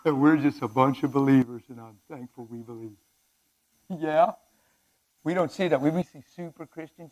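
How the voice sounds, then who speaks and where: A man preaching a fervent sermon at a men's breakfast, swinging between shouts and hushed asides and laughing with the crowd. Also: medium pitch, moderate pace. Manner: laughs and chats with the audience.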